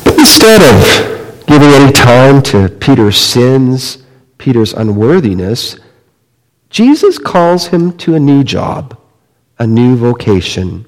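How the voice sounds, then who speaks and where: A man delivers a sermon at a slow, deliberate pace, telling a story with dramatic drops to near-quiet and lifts back up. His middle-pitched voice carries a long reverb, as if he stands in a large sanctuary. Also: sing-song. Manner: slow, dramatic storytelling with wide swings in loudness. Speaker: pastor.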